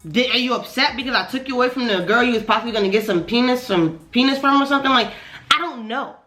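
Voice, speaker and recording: A woman vlogger telling a casual storytime, slangy and animated, swearing often and repeating "you know what I'm saying" as she recounts an annoying night. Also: a little high, quick pace, faint music behind.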